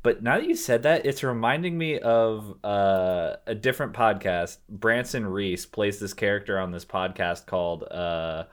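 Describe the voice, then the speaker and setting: A man's voice: on the low side, measured pace, few pauses. A man co-hosting a movie podcast in casual, rambling chat, swearing now and then. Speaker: podcast co-host.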